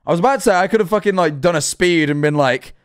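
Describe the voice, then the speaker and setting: A man's voice: a little high, fast, clear, resonant tone, soft background music. A man livestreaming his reaction to a horror series, rambling and swearing as he talks to his chat, his voice worn out. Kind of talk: casual livestream commentary.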